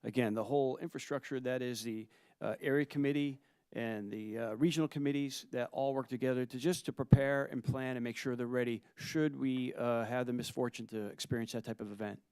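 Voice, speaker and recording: A Coast Guard officer testifies at a hearing in a mid-pitched voice that is crisp and smooth. He is formal and deferential. The sound is close and dry. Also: fairly even intonation, fairly quick, darkish tone, no echo. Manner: formal and deferential, says "sir". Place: hearing room.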